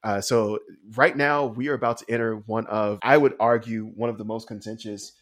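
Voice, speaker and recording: A man's voice: lowish voice, fairly even intonation, fairly quick, a bit bright, dry recording, clean studio sound. A man co-hosting a comedy podcast, chatting casually, rambling with fillers and frequent laughter. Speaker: podcast co-host.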